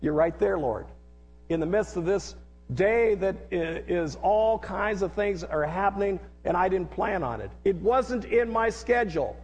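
A man's voice: high voice, animated, a little slow, darkish tone, slightly rough. Man preaching in a reverberant hall. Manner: earnest, repeats lines, leads the congregation in call-and-response. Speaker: pastor. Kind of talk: sermon.

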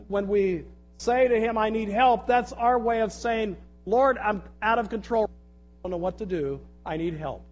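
A man's voice: very high voice, low-quality recording. A man preaching an earnest sermon, reading scripture aloud and repeating key phrases. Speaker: pastor.

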